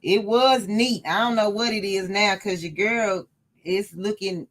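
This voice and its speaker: A woman's voice: mid-range voice, steady tone, measured pace. A woman hosting a casual livestream sewing lesson, chatty and laughing often as she talks to her live chat. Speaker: sewing tutorial host.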